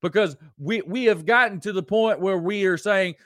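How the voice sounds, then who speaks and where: A man's voice: high voice, moderate pace, hardly any pauses, a bit bright, dry recording, studio quality. A man with a Southern American accent hosting a live-stream show, ranting in a preachy, emphatic way and repeating lines for effect. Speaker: host.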